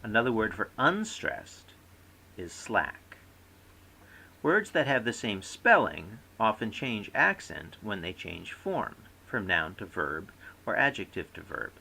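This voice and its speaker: A man's voice: on the low side, big pitch swings, measured pace, vocal fry, pushed and bright, husky, rough recording. A man giving a scripted recorded lecture as a course instructor, reading aloud and demonstrating word stress by example.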